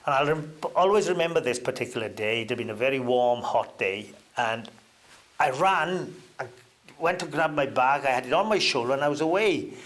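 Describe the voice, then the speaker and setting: An older man sits as an interview guest and unspools anecdotes at an easy pace. His voice stays at a middling pitch but jumps up now and then as he gets into a story, broken by ums and uhs. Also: animated, moderate pace, fairly bright tone. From Wales. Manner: reminiscing, with hesitant fillers and sudden lifts in pitch.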